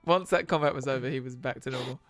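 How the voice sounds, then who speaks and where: A man's voice: mid-range voice, fast talker. A man narrating a tabletop game as game master, laughing and a little self-conscious.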